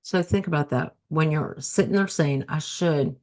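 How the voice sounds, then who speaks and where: Chatty woman podcast host, slightly low voice. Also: moderate pace, darkish tone. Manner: chatty, repeats phrases for emphasis. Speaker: podcast host and life coach. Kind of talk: casual solo podcast talk.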